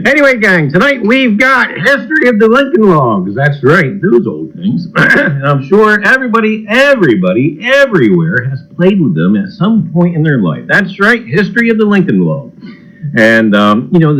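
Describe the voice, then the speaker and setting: A man's voice: fairly high pitch, big pitch swings, moderate pace, fairly bright tone, low-quality recording. A man hosting a livestream in a folksy, jokey way, greeting viewers by name and repeating his catchphrases. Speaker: livestream host. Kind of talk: casual livestream chat.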